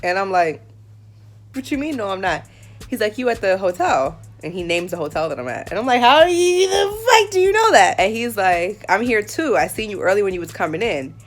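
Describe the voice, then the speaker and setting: A woman's voice: mid-range voice, lively intonation, brisk, soft background music. Profane, candid woman telling a story. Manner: candid and profane, acts out quoted dialogue. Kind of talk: casual storytelling.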